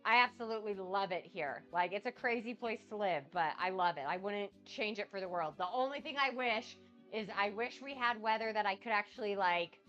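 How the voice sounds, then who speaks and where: Excitable woman chatting on her cooking stream, getting over a cold, bright sharp voice. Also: medium pitch, a little fast, dull audio, soft background music. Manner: bubbly, gushing and excitable. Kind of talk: casual live-stream chat.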